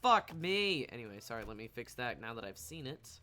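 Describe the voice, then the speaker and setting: A man streaming a video game, chatting casually, joking and reading dialogue aloud with loud reactions. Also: fairly low pitch, quick pace, smooth. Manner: chatty, jokey, reacts with outbursts.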